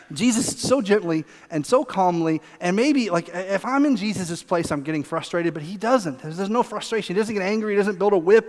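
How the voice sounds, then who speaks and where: Male pastor with a high, bright voice, animated sermon delivery, heard with long hall reverb. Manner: animated, acts out voices in quotes, repeats words when excited. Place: church sanctuary.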